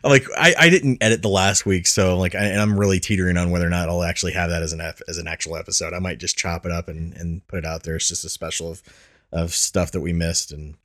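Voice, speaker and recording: A man's voice: low voice, steady tone, fast, a bit bright, no room sound, studio quality. A man hosting a podcast, telling stories in a rambling way and laughing at himself often. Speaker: podcast host. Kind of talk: casual chat.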